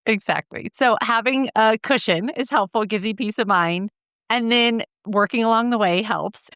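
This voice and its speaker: A woman hosts a podcast and asks her guest questions in an affirming way. Her voice is smooth and clear, and it is recorded close and dry. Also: on the high side, moderate pace, fairly bright tone, no room sound. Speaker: podcast host. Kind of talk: interview questions.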